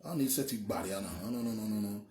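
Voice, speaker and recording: This clip has a fairly low, mellow male voice moving fast, with slight background noise and an echoey room sound. The speaker is a young adult online commentator from Edo, Nigeria. He rants about politics with heat and emphasis, wandering, repeating himself and cursing.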